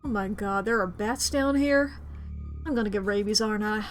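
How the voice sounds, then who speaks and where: A woman voicing an anxious, jittery young woman who always fears the worst, talking in rushed worries. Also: mid-range voice, soft background music, natural voice. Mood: panicky. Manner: nervous, rushed worrying.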